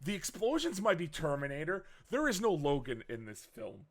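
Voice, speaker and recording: A man's voice: a little high, huge pitch swings, normal speed. A man co-hosting a casual movie review chat, rambling with lots of fillers, self-corrections and swearing. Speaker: podcast co-host.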